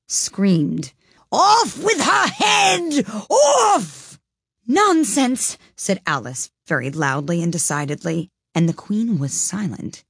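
Low-voiced woman reading a storybook aloud. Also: dry recording, clean studio sound. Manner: expressive, lively reading.

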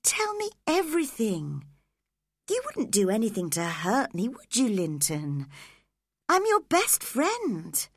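A woman reading aloud and voicing a spirited young woman who speaks in a high, earnest, emotional way. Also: huge pitch swings, slow, husky, no room sound, studio quality, exaggerated voice. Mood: earnest, pleading.

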